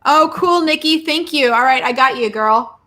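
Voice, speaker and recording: A bubbly woman hosts a live tarot reading, talking straight to her viewers. Her voice sits a bit high, and she breaks into excited exclamations between casual, rambling asides. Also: normal speed. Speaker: astrology and tarot show host.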